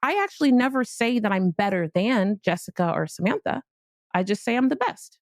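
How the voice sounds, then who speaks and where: A woman's voice: mid-range voice, sing-song, a little fast, no room sound, studio quality. A middle-aged woman from Miami hosting a podcast, giving a candid, playful motivational monologue with casual swearing. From Miami, Florida. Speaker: podcast host.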